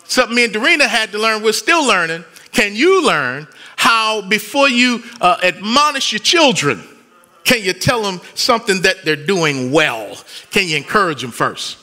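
A man preaching a sermon as pastor, moving between conversational asides and loud rising bursts. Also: high voice, very animated, normal speed.

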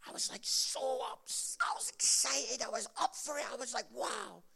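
A male pastor, telling a story in a lively, dramatic way that swings between loud and hushed. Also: extremely high pitch, normal speed, husky. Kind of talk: animated storytelling.

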